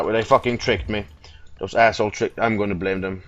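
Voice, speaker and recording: A man's voice: on the low side, fairly even intonation, brisk, a bit bright, muffled recording. A young man giving game commentary, swearing a lot and getting frustrated easily. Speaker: gamer.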